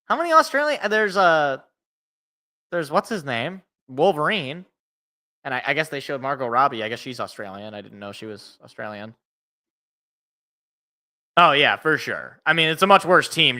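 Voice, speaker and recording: A man's voice: mid-range voice, animated, moderate pace, pushed and bright. A young man hosting a live sports reaction, mixing casual chat with his own play-by-play calls and often restarting his sentences. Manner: chatty, rambling, restarts mid-sentence.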